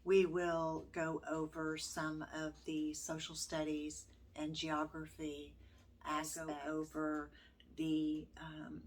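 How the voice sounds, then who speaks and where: An older woman talks slowly to her vlog viewers, taking her time. Her voice sits low. She sounds gentle and heartfelt, pausing often between phrases. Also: a little hiss or hum. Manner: gentle, heartfelt, halting with many pauses. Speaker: homeschooling grandmother vlogger. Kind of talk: casual vlog talk.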